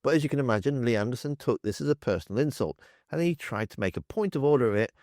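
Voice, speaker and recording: A man's voice: mid-range voice, lively intonation, quick pace, darkish tone, no echo, studio quality. A man hosting a political commentary channel, telling the story in a wry, sarcastic way.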